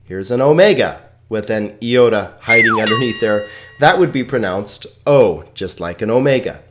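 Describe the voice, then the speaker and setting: Lively, joking man teaching a lesson. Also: medium pitch, very noisy. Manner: chatty, joking, laughs at own puns; slow, careful pronunciation of example words. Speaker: Greek teacher. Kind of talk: recorded video lesson.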